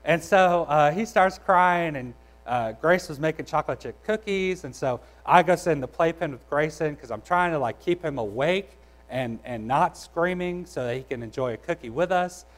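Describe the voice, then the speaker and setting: A man's voice: on the high side, normal speed, low-quality recording. A young adult man preaching a sermon in a conversational, storytelling way, with frequent restarts. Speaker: pastor.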